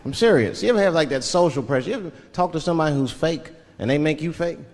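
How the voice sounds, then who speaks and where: A man's voice: fairly high pitch, animated, fast. A man from Washington DC doing a stand-up comedy set, telling stories in a loose, profane way. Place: large live theater. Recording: live echoing hall with loud audience.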